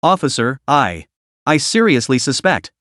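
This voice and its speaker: A self-pitying male driver whines through a put-on victim act, as a man reading the story voices him. His voice trembles and swings widely in pitch, melodramatic and aggrieved. The sound is close and dry. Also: sing-song, a little slow, fairly bright tone, no room sound.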